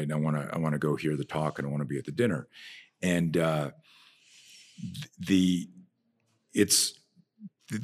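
A man who trains people in martial arts and fear management, telling stories on a podcast in an animated way, often trailing off and restarting his sentences. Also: low-pitched, husky. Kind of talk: conversational podcast storytelling.

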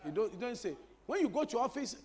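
High-voiced animated preacher man. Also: fast talker. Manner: animated preaching with repetition and crowd-teasing humor. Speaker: pastor. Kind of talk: sermon.

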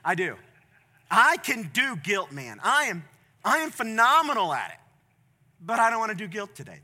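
A middle-aged male pastor preaching a sermon from a church stage, passionate, moving from quiet storytelling to loud, emphatic appeals. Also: high voice, wildly swooping pitch, normal speed, long pauses.

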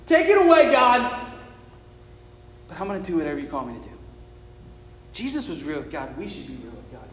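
High-voiced preacher in an echoey hall. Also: male voice, sing-song, fairly quick, long pauses. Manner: builds from quiet intimacy to shouted passion. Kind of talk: sermon. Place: church sanctuary. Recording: echoey hall with long reverb.

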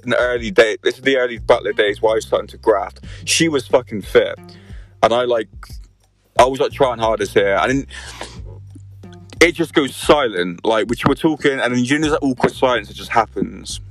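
A man's voice: medium pitch, moderate pace, faint music behind. A young man hosting a podcast, telling a rowdy story with constant swearing and laughter. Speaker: podcast host. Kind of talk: casual storytelling chat.

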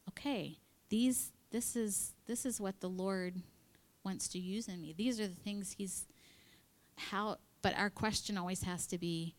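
A woman giving an animated devotional talk at church, acting out quotes and dropping into whispers. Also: medium pitch. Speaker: church speaker.

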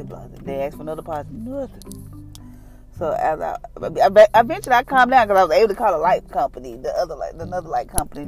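A woman talks through a personal testimony, speaking plainly and conversationally as she retells what people said to her. She moves into an earnest prayer. Faint music plays softly behind her. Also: low-pitched. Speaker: mother sharing a testimony.

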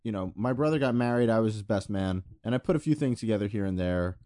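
Man, podcast co-host, deadpan humor, warm dark tone, dry close sound. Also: fairly low pitch, no echo. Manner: dry, deadpan jokes, halting searches for words. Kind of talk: casual chat.

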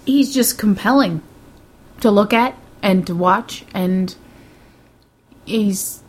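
A woman co-hosting a casual podcast speaks slowly in a medium-pitched voice. She's chatty and giggly, often trailing off mid-sentence.

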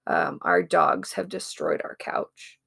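Podcast co-host, woman in her thirties, heavy vocal fry, chatty and amused. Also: fairly low pitch, big pitch swings, slow pace, fairly bright tone, dry recording, clean studio sound. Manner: chatty storytelling with laughs. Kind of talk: casual chat.

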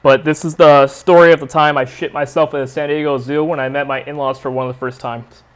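A man's voice: a little high, fairly even intonation, brisk, clean tone. A young adult man hosting a podcast, telling a rambling, profane story in a casual, laid-back way. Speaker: podcast host.

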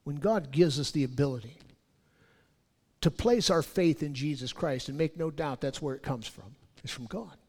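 High gravelly preacher in echoing hall. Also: male voice, normal speed. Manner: swells loud on key points, drops low on scripture. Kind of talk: sermon. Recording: long hall reverb.

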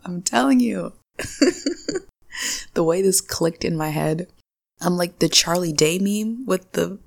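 A young woman with a low, gravelly voice hosts a solo podcast recap. She chats casually and laughs often, slipping into playful voices when she quotes characters. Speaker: podcast host.

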